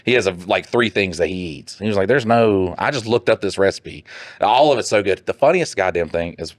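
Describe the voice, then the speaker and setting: A lower-pitched man tells animated stories on a podcast, acting out the people in them and laughing along the way. The sound is close and dry, with no room behind him. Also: brisk, dry recording. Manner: animated storytelling with quoted voices and laughs. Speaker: podcast co-host. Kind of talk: casual chat.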